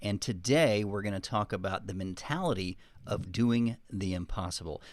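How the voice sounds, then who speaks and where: A man with a low voice and a faint Texas accent co-hosts a casual podcast, telling stories in a relaxed, rambling way. His voice is recorded close and dry, with no room sound. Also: moderate pace, no room sound. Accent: Texan. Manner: easygoing, storytelling, rambling asides. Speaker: podcast co-host.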